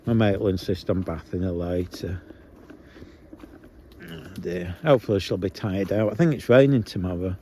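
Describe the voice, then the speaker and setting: Guy, lowish voice, muttering to his dogs outdoors, phone mic with noisy background. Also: normal speed, pauses often, warm tone. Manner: chatty, muttering asides, coaxing the dogs. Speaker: vlogger. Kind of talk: casual chat while walking dogs. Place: outdoors on a field walk. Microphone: handheld phone.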